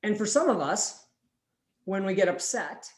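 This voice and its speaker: A woman delivers a conference keynote in a lively storytelling manner, trading voices as she acts out both sides of a dialogue. Her voice sits in a middle pitch and carries a roomy echo from the event room. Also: a little slow. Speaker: keynote speaker. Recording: roomy, echoey hall.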